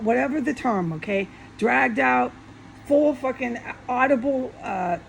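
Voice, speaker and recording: Agitated woman with a gravelly voice. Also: a little high, a little hiss or hum, poor audio. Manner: profane, agitated, repetitive. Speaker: vlogger. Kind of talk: angry monologue rant. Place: alone at home.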